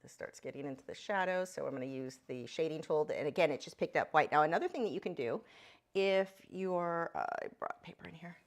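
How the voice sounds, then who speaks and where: A woman's voice: lively intonation, a little fast. A woman giving a chatty live drawing lesson, breaking off now and then to talk to her pet bird. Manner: high squeaky voice when talking to her bird. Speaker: art instructor.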